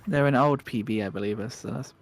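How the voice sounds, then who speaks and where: Over soft background music, a man co-hosting a speedrun livestream as its moderator chats with viewers at a brisk clip in a medium-pitched voice. He's jokey and casual, often restarting his sentences.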